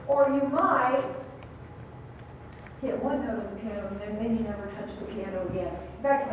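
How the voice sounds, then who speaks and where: A woman's voice: on the high side, a little hiss or hum. A middle-aged woman giving encouraging choral clinic feedback to a choir, asking the singers questions. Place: large performance hall. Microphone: distant room mic. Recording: echoey hall, distant mic, muffled.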